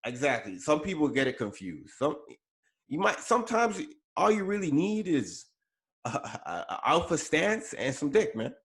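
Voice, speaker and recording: Here a man with a fairly high, sing-song voice speaks at a normal pace with a fairly bright tone. Co-hosting a podcast, he talks celebrity news in a relaxed pop culture chat, often using fillers and correcting himself.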